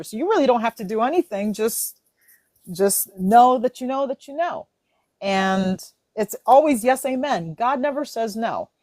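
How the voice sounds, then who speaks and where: A woman in a casual faith-based discussion, animated and laughing, acting out her own inner voice. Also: fairly high pitch, no echo.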